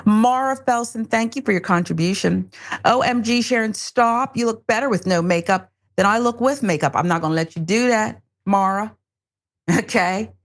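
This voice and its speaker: A woman's voice: mid-range voice, normal speed. A woman hosting a live stream show, chatting casually and reading viewer comments with playful laughter. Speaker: show host.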